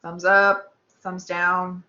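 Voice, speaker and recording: Woman anatomy instructor, online class, bright voice, echoey room, slightly muffled. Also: on the low side, level tone, drawn-out words. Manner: upbeat, chatty, addresses students directly. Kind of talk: live online lab lesson. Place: online class with text chat.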